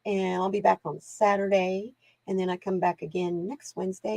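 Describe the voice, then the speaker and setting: A woman's voice: mid-range voice, fairly even intonation, moderate pace, vocal fry, a little mellow, no room sound. A woman hosting live card readings, chatting casually to viewers and laughing often as she wanders off into stories. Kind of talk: casual livestream chat.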